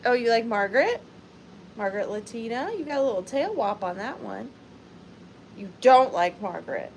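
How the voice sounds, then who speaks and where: Chatty, lively-voiced Southern woman. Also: fairly high pitch, moderate pace, slight background noise. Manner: sing-song baby talk to a pet rabbit. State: sleepy. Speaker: live sale host. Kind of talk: chatty live stream greeting viewers. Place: home room, seated in a chair.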